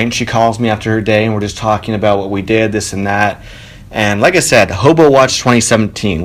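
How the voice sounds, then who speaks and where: A man hosting his own podcast from a home studio, telling a story casually, animated and swearing freely. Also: on the low side. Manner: animated, swearing, quotes people with raised voice. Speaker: podcast host. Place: spare bedroom home studio. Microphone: home studio mic.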